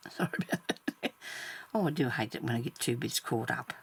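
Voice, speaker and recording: Very gravelly woman thinking aloud. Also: extremely low pitch. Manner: chatty, talks to herself, trails off mid-sentence; drops to soft whispers at times. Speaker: sewing vlogger. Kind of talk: casual thinking aloud while stitching.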